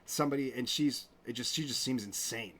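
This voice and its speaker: A man's voice: mid-range voice, brisk, a bit bright, slight background noise. Guy hosting his own show, ranting, keeps restarting sentences, plain mid voice. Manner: rambling, indignant, full of restarts. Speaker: show host. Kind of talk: casual commentary.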